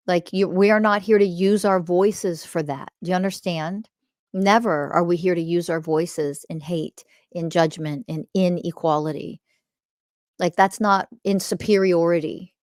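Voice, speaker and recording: Low, impassioned woman podcaster. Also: steady tone, a little slow, darkish tone, no room sound, studio quality. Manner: impassioned, preachy, swears for emphasis, laughs often. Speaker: podcast host. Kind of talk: spiritual monologue.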